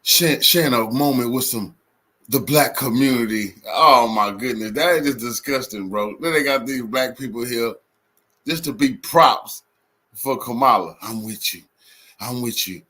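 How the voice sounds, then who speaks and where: A man's voice: medium pitch, measured pace, bright, forceful tone. A man co-hosting political commentary, reacting with outrage and mocking impressions. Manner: mocking, outraged, mimics others, laughs a lot.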